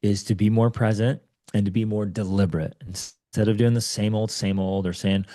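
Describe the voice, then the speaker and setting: A man in his forties speaks as an interview guest, his voice dark and mellow. He tells personal stories with urgent, emphatic conviction and leans into his points like a pep talk. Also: lowish voice, steady tone, normal speed, hardly any pauses. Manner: emphatic storyteller, urgent and preachy. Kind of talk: conversational interview.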